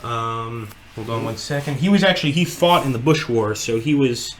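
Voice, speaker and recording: A man's voice: medium pitch, lively intonation, normal speed, slight background noise. A man hosting a livestream in casual chat, rambling and profane, with many fillers. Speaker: livestream host.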